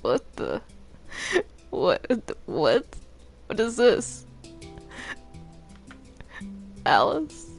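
A man's voice: high voice, huge pitch swings, drawn-out words, gravelly, faint music behind, full character voice. A man voicing a flustered male cartoon demon in a game role-play, stammering and repeating words. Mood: confused. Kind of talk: Minecraft role-play acting.

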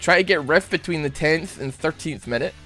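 A man's voice: a little high, a little fast, pushed and bright, soft background music. A young man giving casual, jokey gameplay commentary, rambling and poking fun at himself. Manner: rambling, jokey, self-mocking. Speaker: gaming streamer.

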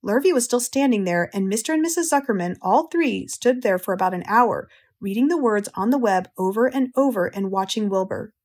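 An American woman with a mid-range voice narrates an audiobook, telling the story in a calm, measured and gentle way.

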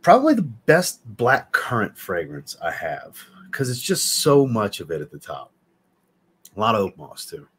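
This livestream host has a fairly low-pitched voice with huge pitch swings, a breathy edge, and a moderate pace. He chats casually and enthusiastically, reading out viewers' names and comments and replying to them.

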